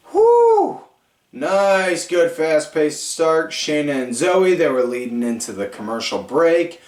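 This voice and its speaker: A man hosting a podcast, rambling through a casual recap with lots of fillers and animated storytelling. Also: fairly high pitch. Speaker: podcast host. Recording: echoey room, far from mic.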